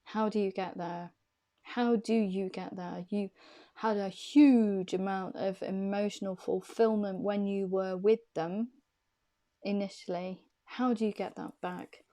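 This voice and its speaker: A woman's voice: mid-range voice, steady tone, a little slow, dark tone. A woman doing an intuitive tarot reading to camera, chatty and reassuring, who repeats phrases for emphasis. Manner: soothing, reassuring encouragement. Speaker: tarot card reader.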